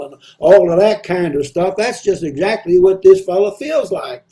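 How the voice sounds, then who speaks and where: A man gives a midweek Bible devotional, reading verses and then talking them through. His voice sits high for a man but has a soft, mellow tone. He pauses often, stumbles and repeats words as he thinks aloud. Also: lively intonation. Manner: conversational, reads scripture aloud then explains it; frequent hesitations and repeated words. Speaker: preacher.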